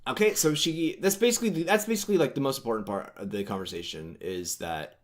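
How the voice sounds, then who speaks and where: A man's voice: medium pitch, fast talker. A man co-hosting a podcast, casually recapping a book in a rambling way with lots of fillers. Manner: rambling, filler-heavy retelling. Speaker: podcast co-host.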